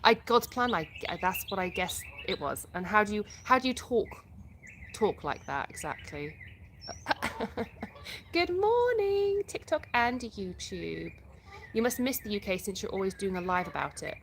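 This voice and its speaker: An English woman hosts a relaxed live stream and chats her way through viewer questions one by one. Her voice sits at an ordinary middle pitch, and she restarts sentences as she goes. Faint birdsong drifts along behind her. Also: moderate pace, noisy background. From England. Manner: reads viewer comments aloud and answers them, chatty with restarts. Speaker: livestream host. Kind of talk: casual live-stream chat.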